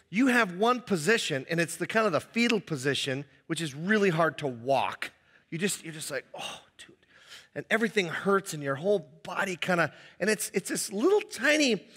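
A middle-aged male pastor giving a conversational, animated sermon in a church, acting out the voices he quotes. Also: sits high, in a large hall. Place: church hall.

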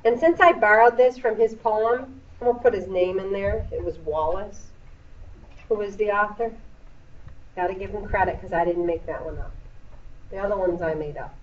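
A woman's voice: medium pitch, moderate pace, recorded from a distance. Chatty woman teaching in an echoey classroom. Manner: chatty, explains patiently, playful asides. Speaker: middle school English teacher. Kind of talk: classroom lesson. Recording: echoey classroom recorded from afar, dull.

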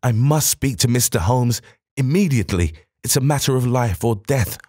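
A man voicing a flustered fifty-year-old male museum scholar who talks in a hurried, breathless, agitated way in an audiobook. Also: mid-range voice, animated, darkish tone, slightly rough, dry recording, clean studio sound, voice pushed up. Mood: urgent. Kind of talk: audiobook character voice.

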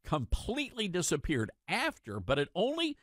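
Sarcastic, animated male radio host. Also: high voice, normal speed, no echo, clean studio sound. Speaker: radio talk show host. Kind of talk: opinion talk radio monologue.

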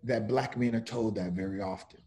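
A middle-aged man, an author and defense lawyer, speaking slowly and earnestly with many pauses, partly reading his own book aloud. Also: on the low side, dark tone. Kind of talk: reflective talk with read-aloud book passage.

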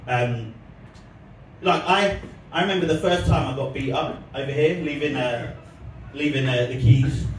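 With a mid-range voice and an unhurried delivery, this man rambles and laughs between lines in a stand-up set doubling as a comedy vlog. The sound is echoey and noisy, picked up from a distant mic.

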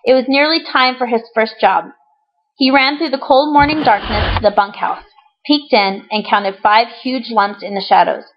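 A woman reads a children's storybook aloud in a slightly high voice, telling it in a clear, even way. The recording is dull and lo-fi, with the top end cut away. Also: normal speed, noisy background.

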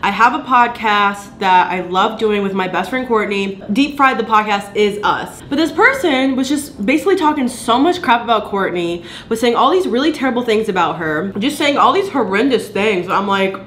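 A woman's voice: mid-range voice, lively intonation, moderate pace, few pauses, fairly bright tone, echoey room, slight background noise. A young woman from the Atlanta area chatting casually in a home vlog while eating, playful, laughing often and swearing freely. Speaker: vlogger.

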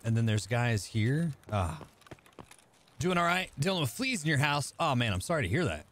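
A man streaming a game live, chatting casually with viewers and thinking out loud as he plays. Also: medium pitch, very animated, moderate pace. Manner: chatty, thinking aloud, talking to chat. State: out of breath. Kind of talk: casual live-stream chat while gaming.

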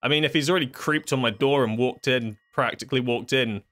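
A man's voice: mid-range voice, fairly quick, fairly bright tone. A man jokes sarcastically and swears as he talks through a horror video game, laughing often. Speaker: gaming YouTuber. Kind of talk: horror game let's play commentary.

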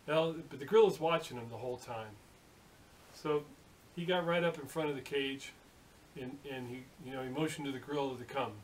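A man in his late fifties casually telling a long joke in a folksy, rambling way, with many fillers and restarts. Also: medium pitch. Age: late 50s. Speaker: hobby machinist video host. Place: home workshop. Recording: distant mic with faint hiss.

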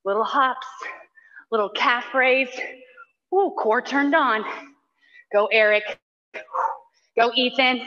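A woman's voice: fairly high pitch, slow pace, pauses often, long reverb tail. A woman fitness instructor coaching a live workout with short cues, countdowns and cheers for people by name, breathing hard as she exercises along. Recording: dull lo-fi online class audio.

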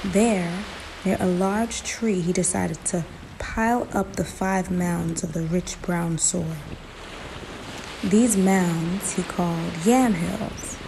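Gravelly woman telling a folktale. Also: fairly low pitch, slow, noisy background. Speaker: storyteller. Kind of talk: folktale narration.

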